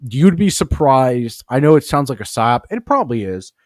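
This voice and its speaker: A man's voice: mid-range voice, sing-song, normal speed, darkish tone, no room sound, studio quality. A man hosting a podcast, telling rambling, profane stories full of tangents. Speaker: podcast host. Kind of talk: casual storytelling.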